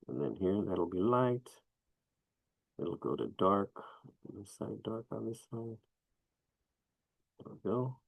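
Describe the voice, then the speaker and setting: A man with a low, gravelly voice leads a drawing class, talking his students through each mark as he shades. His delivery is relaxed and chatty, with coaching asides. The sound is close and dry. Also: no room sound, poor audio. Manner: relaxed, talks while sketching, coaching asides. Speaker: drawing teacher. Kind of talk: live drawing lesson.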